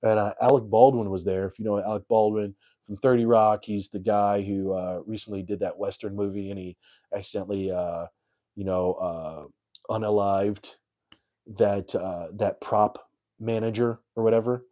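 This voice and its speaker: A man's voice: fairly low pitch, fairly even intonation, normal speed, warm tone, dull audio. A young adult man, a comedian, telling a story on his live stream in a rambling, self-deprecating way full of fillers.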